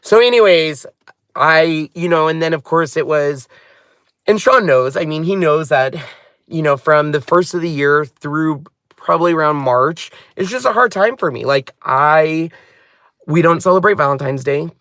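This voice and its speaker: A man's voice: on the high side, moderate pace, a bit bright, no room sound, studio quality. A man hosting a craft channel, chatting casually and heartfeltly from inside a car, often drifting off on tangents. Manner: rambling, heartfelt, wanders off on tangents. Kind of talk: casual vlog chat.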